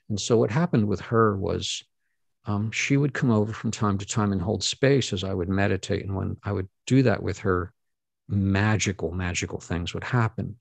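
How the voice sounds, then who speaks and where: A middle-aged man speaks in a gravelly, fairly low voice, recorded close and dry. He tells his story earnestly to an audience, stopping and restarting as he goes. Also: no echo. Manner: earnest, halting, with many fillers and restarts. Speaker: guest speaker.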